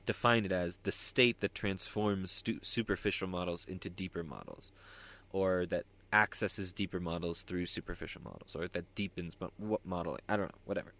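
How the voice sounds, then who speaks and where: A man's voice: low-pitched, moderate pace, fairly bright tone. A man hosting a solo podcast, talking in a rambling, self-interrupting way with wry asides. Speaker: podcast host.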